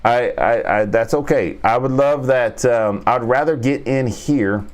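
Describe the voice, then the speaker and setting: A man's voice: mid-range voice, unhurried. A man hosting a casual trading stream, rambling and joking as he talks viewers through stock charts. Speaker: trading coach and stream host. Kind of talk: casual market commentary.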